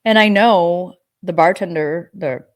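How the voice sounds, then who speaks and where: A woman hosting a casual podcast chat, telling lively stories and swearing freely. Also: lowish voice, measured pace. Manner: animated storyteller, swearing freely. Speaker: podcast host.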